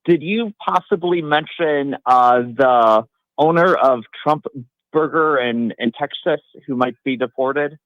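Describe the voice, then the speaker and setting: A man's voice: medium pitch, takes it slowly, no room sound, lo-fi sound. Hesitant, worked-up male caller. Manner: hesitant with many fillers, then worked up. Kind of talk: call-in conversation.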